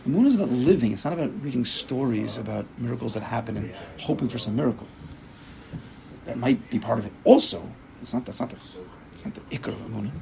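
A man teaching a Torah class as a rabbi, speaking emphatically and acting out inner voices in quick quoted asides. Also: mid-range voice, lively intonation, gravelly, background noise.

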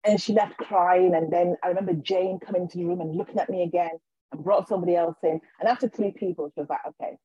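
A woman, a guest on a podcast, telling her personal story in an animated way and acting out what people said to her. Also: fairly low pitch, fast talker, husky, no room sound, lo-fi sound. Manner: animated, acts out quoted dialogue. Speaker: guest, healer and intuitive.

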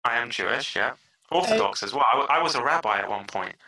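A man with a British accent, a podcast guest in a casual interview, telling stories with lively energy and playful voices. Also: medium pitch, fast, low-quality recording. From England.

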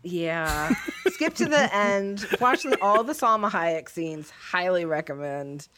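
A woman's voice: on the low side, animated, slow pace, fairly bright tone. A woman co-hosting a casual podcast, chatty and rambling, laughing often. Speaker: podcast co-host, faculty member.

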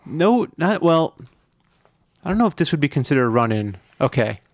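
A man with a gravelly, creaky voice tells a story in relaxed podcast talk. He is easygoing but builds suspense as he goes, and the recording sounds close and dry. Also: fairly high pitch, moderate pace, no echo. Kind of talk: casual storytelling.

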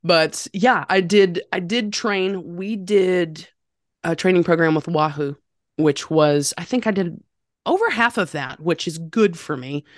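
Woman podcast guest, low-pitched, animated and self-deprecating, dry close sound. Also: a little slow, no echo. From North Carolina. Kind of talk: casual conversational storytelling.

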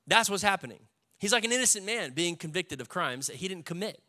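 Bright-voiced man preaching with fervor. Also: high voice, a little fast. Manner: animated preaching, acts out quoted voices. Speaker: pastor. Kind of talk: sermon.

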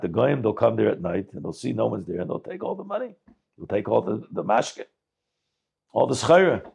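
A man telling a Hasidic story with a moral, halting often to restart, with Yiddish words mixed in. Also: on the low side, gravelly, darkish tone, slightly rough. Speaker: storyteller and preacher.

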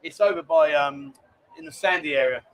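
A man with a fairly high voice hosts a relaxed live stream. He reads viewer messages aloud and keeps calling people mate. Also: normal speed, lo-fi sound. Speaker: livestream host. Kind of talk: casual live-stream chat. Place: lounge bar.

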